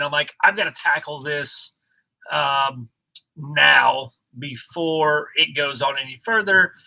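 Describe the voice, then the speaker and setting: Bright-voiced man rambling casually. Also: fairly high pitch, rough recording. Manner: relaxed, rambling with many fillers. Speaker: co-host of a reselling livestream. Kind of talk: casual livestream chat.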